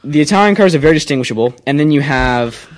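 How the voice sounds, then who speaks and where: A man's voice: a little high, animated. Opinionated young man talking cars. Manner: opinionated, rambling, quick to argue. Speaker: co-host. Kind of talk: casual car chat on internet radio.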